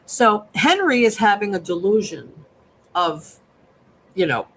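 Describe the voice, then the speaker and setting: A man's voice: high voice, very animated, measured pace, pushed and bright, a little hiss or hum, poor audio. A man co-hosting a live film review, explaining his ideas patiently like a therapist and checking in with "okay?" as he talks. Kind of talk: live casual review chat.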